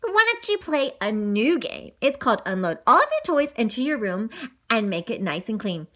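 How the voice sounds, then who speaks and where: A woman's voice: on the high side, big pitch swings, normal speed, pushed and bright. A woman voicing a stern, caring mother who scolds her children in a raised voice. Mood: scolding.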